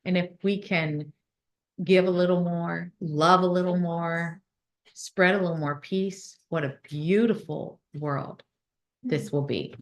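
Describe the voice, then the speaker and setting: Slow-talking woman, kinda low voice, calm motivational speaker guiding a meditation in a conference room. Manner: warm, slow and soothing when guiding the meditation. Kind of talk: motivational talk and guided visualization. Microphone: phone.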